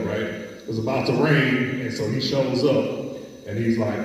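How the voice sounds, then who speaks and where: A man's voice: medium pitch, fairly even intonation, a little slow, slight background noise. Loose, profane man telling a stand-up story. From United States. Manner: loose, profane, laughs at his own jokes. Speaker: stand-up comedian. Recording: echoey hall from far off.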